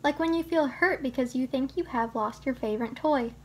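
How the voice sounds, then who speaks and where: Brief: a woman reading a children's book aloud, gentle and instructive, with a bright, high voice. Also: a little fast, husky. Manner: gentle, teaching tone, speaks to the child listener. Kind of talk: storybook read-aloud.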